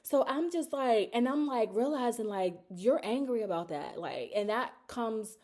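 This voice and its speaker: A woman's voice: on the high side, animated, measured pace, a little mellow. Emotional, confessional woman in her thirties. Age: 30s. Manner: emotional, confessional, rambling with many fillers. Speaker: vlogger. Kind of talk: candid personal storytelling vlog.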